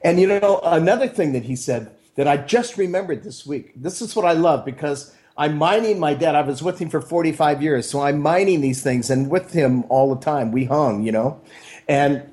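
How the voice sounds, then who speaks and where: A man's voice: fairly high pitch, normal speed, a little mellow. A middle-aged man, a mentor and interview guest, telling upbeat stories and acting out the voices of the people he quotes. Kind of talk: storytelling conversation.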